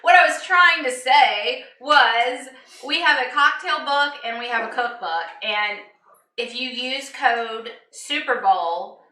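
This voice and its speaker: A woman's voice: high-pitched, expressive, slow pace, sharp tone. A woman with a Southern American accent, co-hosting a live cocktail show in casual chat, laughing often. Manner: chatty, laughs often, says y'all. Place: home kitchen, roomy. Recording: echoey kitchen, distant mic, faint noise.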